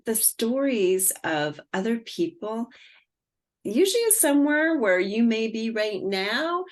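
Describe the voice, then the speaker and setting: Bubbly woman hosting a podcast. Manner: bubbly and encouraging, with pitch jumps and laughs. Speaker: podcast host. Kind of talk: casual interview conversation.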